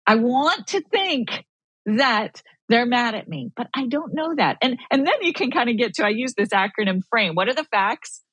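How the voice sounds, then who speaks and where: A woman with a higher, very animated voice explains with earnest, coaching warmth, often acting out little inner dialogues. Her tone is a bit breathy. The recording is dry and close. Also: normal speed, no echo, poor audio. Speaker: guest expert. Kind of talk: podcast conversation.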